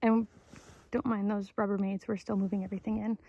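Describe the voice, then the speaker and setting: A woman's voice: mid-range voice, little pitch movement, fairly quick, muffled recording. Chatty woman vlogging outdoors. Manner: thinking aloud, unsure, chatty. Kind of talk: casual vlog walkthrough. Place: outdoors in a wooded yard.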